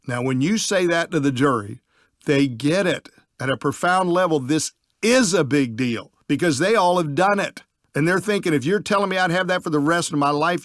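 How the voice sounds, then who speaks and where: A man's voice: on the high side, fairly bright tone, no room sound, studio quality. A man, a trial lawyer teaching other lawyers, telling folksy stories and acting out bits of dialogue. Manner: folksy storyteller, acts out dialogue in quick voices. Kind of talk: storytelling lecture on trial strategy.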